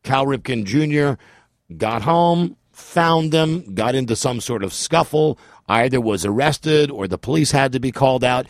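A man's voice: mid-range voice, animated, unhurried, no echo. Brief: male radio host, casual storytelling banter, dry studio voice. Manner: storytelling, joking.

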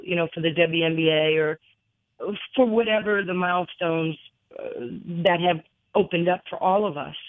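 A woman in her sixties from New York, a former basketball player telling animated stories as a guest, laughing often, heard over a phone line. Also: fairly low pitch, dry recording. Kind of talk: storytelling interview over the phone. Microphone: telephone. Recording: tinny phone line, dry.

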